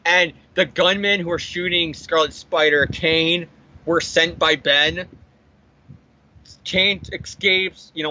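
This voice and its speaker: A man casually recapping a comic book on a podcast, animated and profane, acting out the characters' lines. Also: a little high, muffled recording. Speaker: podcast co-host.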